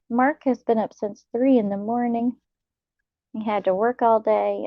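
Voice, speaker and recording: A young adult woman, hosting a late-night live chat, talking softly and laughing often. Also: medium pitch, vocal fry, no room sound, dull audio. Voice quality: soft, slow, laughs often. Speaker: channel host reading live chat.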